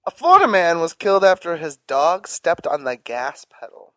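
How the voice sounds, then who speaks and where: A man's voice: on the high side, very animated, moderate pace, sharp tone, dry recording, poor audio. A man co-hosting a casual podcast chat, opinionated and profane, laughing often.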